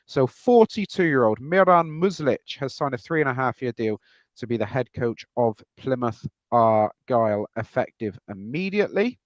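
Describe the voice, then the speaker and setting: A man's voice: medium pitch, lively intonation, moderate pace, no room sound, highs cut off. A man hosting a live football podcast stream, chatting casually and reading out viewer comments. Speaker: podcast host.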